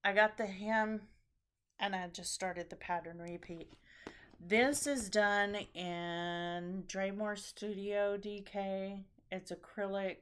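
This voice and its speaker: A woman chatting casually as a knitting show host, tired and a bit scattered. She talks at an unhurried, slow pace, rambling and pausing with ums and restarts. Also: medium pitch, clean tone. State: tired after a long trip. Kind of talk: casual chat about knitting projects.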